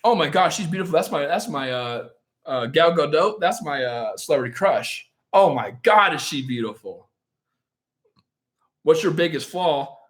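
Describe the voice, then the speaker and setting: A man with a somewhat high voice chats on a live stream. His pitch swings up and down a lot as he jokes about himself, rambles from one viewer question to the next, and laughs often. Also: animated, moderate pace, a bit bright. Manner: joking, self-mocking, laughs often; rambling, answers chat questions. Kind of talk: casual live-stream chat.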